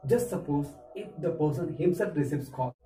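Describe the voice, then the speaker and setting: A man's voice: fairly high pitch, mellow, slight background noise. Man teaching English in an echoey room. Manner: explanatory, repeats phrases slowly for learners. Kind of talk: spoken English lesson. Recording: echoey room, mic far off.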